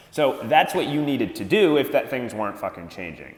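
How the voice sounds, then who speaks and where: A man's voice: mid-range voice, very animated, normal speed. A man giving dating advice in a blunt, profane rant. He swears freely and mocks others in put-on voices. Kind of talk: profane ranting advice monologue. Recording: echoey room with long reverb.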